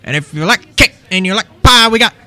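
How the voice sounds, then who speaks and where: A man's voice: high voice, expressive, a little fast, sharp tone, no echo, voice pushed up, heavily acted. A man imitating a boisterous male jam-night host with a Cajun-sounding drawl, hollering like an announcer as he promotes pastries. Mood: hyped hollering. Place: coffee shop.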